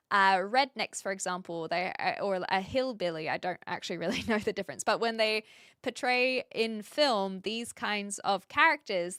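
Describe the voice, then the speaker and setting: A woman's voice: medium pitch, fairly bright tone, clean tone, no room sound, clean studio sound. A woman hosting a livestream, chatting casually with viewers in a rambling way, full of fillers and little laughs. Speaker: livestream host.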